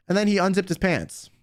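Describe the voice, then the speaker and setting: Young male streamer, high and expressive, comedic and profane, light background music. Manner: animated, profane, joking. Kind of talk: casual comedic commentary.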